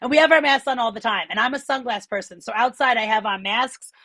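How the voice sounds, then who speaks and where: A woman comedian doing animated, self-deprecating stand-up from home over a video call on her phone. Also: on the high side, fast, dry recording.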